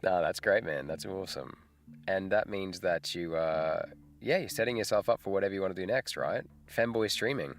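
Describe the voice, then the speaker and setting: A middle-aged man with a low-sitting voice talks at a normal speed while hosting a casual livestream chat with viewers. He's laid-back, rambles and laughs often.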